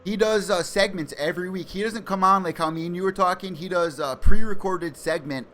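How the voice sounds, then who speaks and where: An American man hosting a casual sports podcast, eager and excitable. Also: sits high, fairly quick, a little hiss or hum. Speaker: podcast host.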